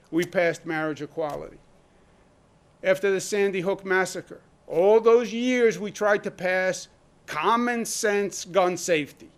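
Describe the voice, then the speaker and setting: A man speaking as a governor at a press briefing, emphatic and deliberate, firing off rhetorical questions and pausing to drive his points home. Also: high-pitched.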